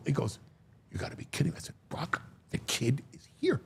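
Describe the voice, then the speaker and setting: A man talking as a guest, telling a story in a lively way, acting out quotes and often restarting his sentences. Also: fairly high pitch, creaky, husky. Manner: animated storyteller, acts out quotes, halting restarts. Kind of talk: storytelling chat.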